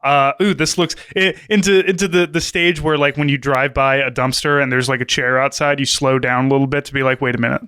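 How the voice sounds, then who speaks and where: A man's voice: mid-range voice, fairly even intonation, fairly quick, few pauses, bright, forceful tone, clear, resonant tone, no echo. A middle-aged man co-hosting a podcast, chatting casually and cracking dry teasing jokes. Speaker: podcast co-host. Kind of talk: casual chat.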